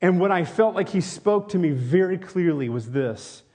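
A man's voice: high voice, animated, normal speed, mellow, husky. A man raised in Tennessee, preaching a sermon as pastor, earnest and rambling with many restarts. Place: church.

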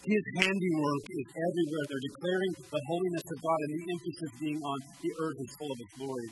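A man's voice: a little high, quick pace, over music, poor audio. A man preaching a sermon as pastor, emphatic and conversational, with light asides and restarts. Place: small-town church sanctuary.

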